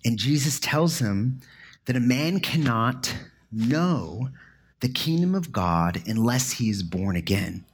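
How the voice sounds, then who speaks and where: A man's voice: mid-range voice, expressive, slow pace, breathy edge. A man giving a sermon in an earnest, conversational way, with casual fillers as he explains a passage. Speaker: pastor.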